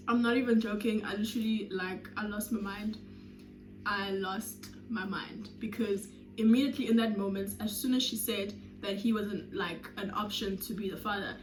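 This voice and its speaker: A South African woman in her twenties telling a storytime vlog with animated, dramatic delivery and sudden loud bursts. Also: mid-range voice, slight background noise. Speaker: YouTuber. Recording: roomy echo.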